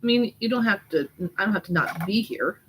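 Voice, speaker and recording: A woman's voice: mid-range voice, lively intonation, fairly quick, a bit bright, a little hiss or hum, rough recording. A woman hosting a casual live doodling chat, teasing her kid and reading out viewer comments as she draws. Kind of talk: casual live-stream chat while drawing.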